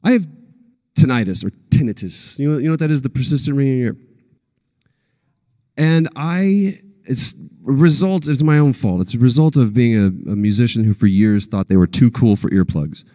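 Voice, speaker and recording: A man in his forties, a voice actor telling animated stories at a convention panel and acting out the quotes. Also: medium pitch, normal speed. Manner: animated storyteller, acts out quotes. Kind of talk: anecdotal panel talk.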